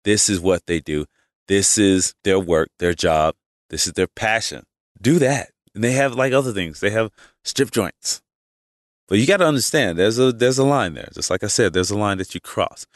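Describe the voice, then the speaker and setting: Male podcast host, very low pitch, dry room, loose chatty monologue full of restarts. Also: lively intonation, normal speed, dry recording. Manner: rambling, with frequent restarts and asides. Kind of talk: casual opinion monologue.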